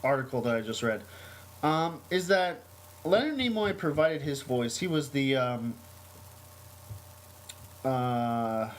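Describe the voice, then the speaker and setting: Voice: mid-range voice, expressive, slow, long pauses, low-quality recording. A podcast host with a mid-range voice reads a news item aloud, stumbling over ums and uhs, then slips into a loose, chatty story. The delivery is casual and unpolished, with a faint hum of noise behind it. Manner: hesitant, many ums and uhs.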